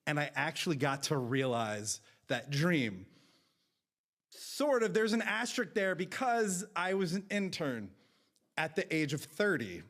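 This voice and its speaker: A man in his thirties from New Jersey, telling a personal story with comic timing and big jumps in pitch. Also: very animated, measured pace, a bit bright.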